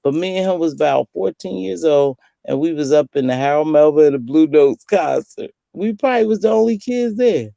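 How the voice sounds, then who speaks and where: A woman in her sixties hosting a casual late-night chat, telling lively stories and acting out the voices she quotes. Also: low-pitched, fairly quick, creaky, few pauses, no room sound. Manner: lively storyteller who acts out quoted voices. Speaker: host.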